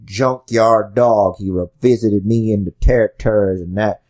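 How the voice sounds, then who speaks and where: A man's voice: on the low side, fairly even intonation, a little slow, a little mellow, voice pushed down, natural voice. A man voicing a grizzled, crude old male ex-wrestler commentator who talks in a folksy, drawling way. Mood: reminiscing.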